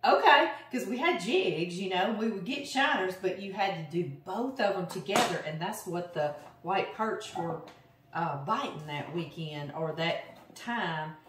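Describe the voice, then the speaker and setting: A woman's voice: on the low side, a little slow, slight background noise. Middle-aged Louisiana woman cooking-show host, easygoing storyteller with a dry, sarcastic streak, recorded a few steps from the mic in an echoey kitchen. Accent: Southern US, Louisiana. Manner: chatty, sarcastic humor, animated storyteller. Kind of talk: casual storytelling while cooking. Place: home kitchen. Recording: roomy kitchen, mic at a distance. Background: chopping and kitchen clicks.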